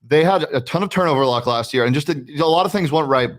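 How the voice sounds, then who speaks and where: Fast-talking sports betting show host, male. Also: fairly high pitch. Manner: fast, chatty, with restarts and fillers. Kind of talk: casual sports betting chat.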